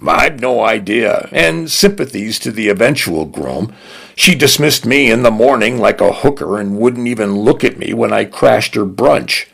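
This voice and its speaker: A man's voice: lowish voice, animated, normal speed, vocal fry, a bit bright, husky, pitched above the performer's own voice, exaggerated voice. A man doing a wry, rueful charmer.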